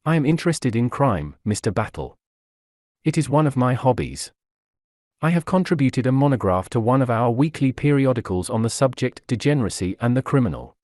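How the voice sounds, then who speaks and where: A man voicing a slow-drawling American gentleman, polite and genteel, with an American accent. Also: medium pitch, expressive, dry recording, clean studio sound, close to an everyday voice. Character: slow-drawling American male art collector.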